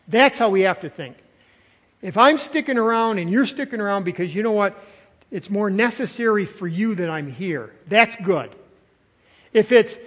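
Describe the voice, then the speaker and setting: An older man preaching a sermon as pastor, emphatic, stretching key words and swinging from loud to soft. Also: high-pitched, in a large hall.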